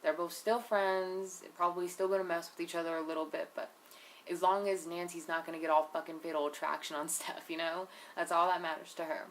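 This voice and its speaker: A woman's voice: on the low side, flat delivery, a little fast, slight background noise. Chatty, foul-mouthed young woman recapping. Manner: chatty and profane, full of "like" and "you know"; blunt, opinionated asides. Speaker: TV episode reviewer. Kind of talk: casual recap commentary.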